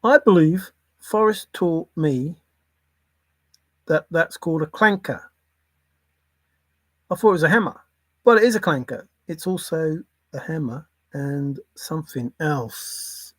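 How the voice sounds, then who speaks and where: A man's voice: a little high, measured pace, husky, dry recording. A man, musing aloud on his own in a playful, rambling way, jumping between silly word associations.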